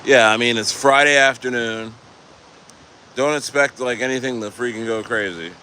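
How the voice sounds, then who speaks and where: A man's voice: mid-range voice, moderate pace, pushed and bright, slight background noise. A man livestreaming outdoors, reading out and answering his chat in a loose, rambling way, often laughing and trailing off mid-sentence. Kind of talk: casual rambling live stream chat. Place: outdoors near the coast.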